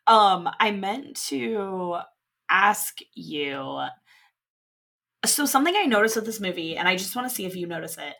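A woman's voice: medium pitch, animated, measured pace, creaky, sharp tone. Chatty young woman recapping a movie. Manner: laughing often, quoting characters in passing. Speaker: podcast co-host. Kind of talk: casual movie recap chat.

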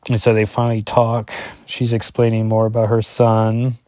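A man's voice: lowish voice, completely flat delivery, moderate pace, mellow, a little hiss or hum. A man, a father, reviewing a comic book in a casual, rambling solo talk, full of fillers and self-corrections as he reads through the issue.

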